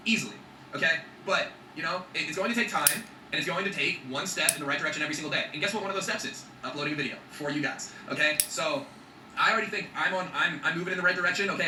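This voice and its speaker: A man's voice: high voice, reverberant, recorded from a distance, noisy background. A man talking in an emphatic motivational vlog, swearing freely and checking in with his viewers. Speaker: vlogger.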